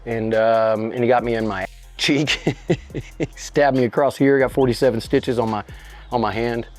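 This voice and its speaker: A middle-aged man telling a story in casual interview chat, animated and profane, his voice jumping up high when he acts out scenes. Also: moderate pace, soft background music. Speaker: interview guest.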